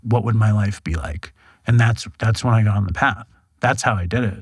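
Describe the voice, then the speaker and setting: A man's voice: on the low side, fairly quick, husky, no echo. A man in his forties, a podcast guest, tells his story frankly, swearing and acting out the lines of other people. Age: 40s. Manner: frank, animated, acts out quoted dialogue, swears. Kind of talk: candid storytelling interview. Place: podcast studio.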